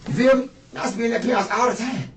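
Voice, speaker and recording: Racing along in a very high-pitched voice, a suspect in his fifties, a man, rambles through questioning with boastful, profane talk. The recording comes from an interrogation room with echo, a distant mic and faint noise.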